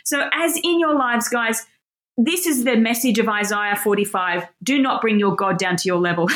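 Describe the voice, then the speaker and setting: A woman's voice: medium pitch, brisk, fairly bright tone. A woman teaching scripture with enthusiasm, reading passages aloud and breaking in with emphatic, insistent comments. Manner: passionate and insistent. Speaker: Bible teacher. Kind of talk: Bible teaching.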